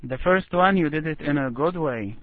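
A man teaching Quran recitation in an online lesson, patiently encouraging and modeling phrases slowly. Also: a little high, expressive, no room sound. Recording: tinny call audio, dry.

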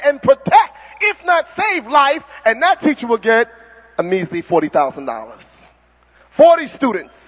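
Fiery preacher, high swooping voice, dull hall recording. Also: male voice, slightly rough. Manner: animated, mocking, preaching with impressions. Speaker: Muslim preacher. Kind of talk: fiery sermon.

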